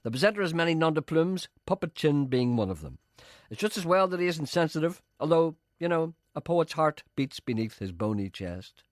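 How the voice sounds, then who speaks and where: A man's voice: a little high, sing-song, normal speed, few pauses, no room sound. A middle-aged man presenting radio, dry and self-mocking as he reads out listener letters. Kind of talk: wry radio chat with comic readings. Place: radio studio.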